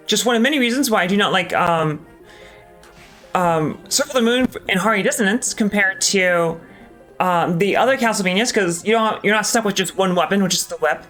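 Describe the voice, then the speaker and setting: A man with a high, somewhat bright voice streams live gameplay commentary at a moderate pace, faint music audible behind him. The game streamer talks candidly and casually, with frequent swearing and many ums.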